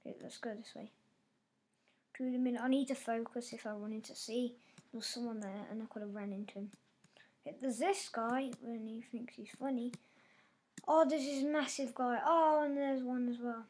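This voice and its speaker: High-voiced excitable woman gamer. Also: normal speed. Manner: excitable, reacting aloud with frequent exclamations. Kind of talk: live gameplay commentary.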